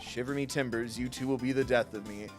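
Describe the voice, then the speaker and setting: A man voicing a composed, formal male prosecutor in a video game, measured and dry. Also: steady tone, soft background music, close to an everyday voice. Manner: low, measured and dryly formal.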